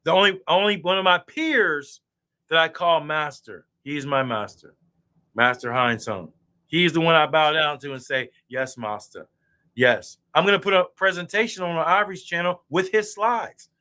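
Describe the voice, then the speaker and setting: A boastful man rants in a loose, profane online chat while drinking beer. His voice sits a little high and comes out bright and tense. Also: normal speed. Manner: boastful, profane, animated ranting. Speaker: guest speaker. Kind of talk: heated casual debate chat.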